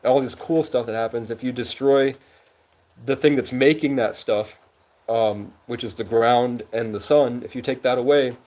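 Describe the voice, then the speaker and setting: A young man with a fairly high voice, rambling loosely through a live stream from the woods at night and swearing casually. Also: darkish tone. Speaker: livestreamer.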